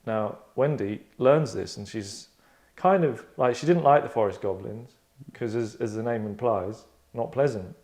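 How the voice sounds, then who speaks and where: A middle-aged writer and podcast host speaks a little slowly with few pauses, his mid-range voice carrying a darkish tone. In this casual discussion he tends to ramble, interrupting his own sentences to act out quotes.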